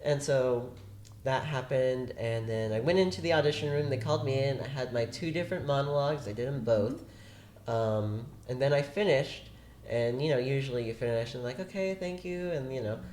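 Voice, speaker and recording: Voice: mid-range voice, moderate pace, a little mellow. An actor as a guest, telling a long story in a chatty, rambling way during a casual interview. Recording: roomy echo.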